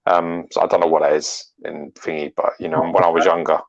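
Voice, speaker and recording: A man's voice: deep voice, little pitch movement, brisk. A man hosting a casual livestream chat. He is blunt, laughs a lot and swears. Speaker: host. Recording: muffled stream audio.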